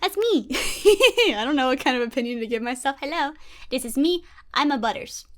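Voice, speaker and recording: A woman's voice: high voice, a little fast. A young woman chatting casually about her gaming teammates in a bubbly, giggly, gushing way. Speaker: gaming YouTuber. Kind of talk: casual vlog chat.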